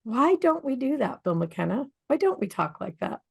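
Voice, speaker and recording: A woman co-hosting a radio talk show, talking in a lively storytelling way and asking her listeners rhetorical questions. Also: high-pitched, moderate pace, gravelly, husky. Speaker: podcast co-host.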